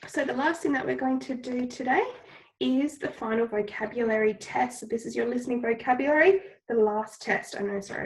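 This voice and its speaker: Teacher with a cold, slightly high voice. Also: female voice, brisk, slight background noise, low-quality recording. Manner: patient, instructive, repeats key steps. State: has a cold, coughing. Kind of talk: recorded lesson instructions.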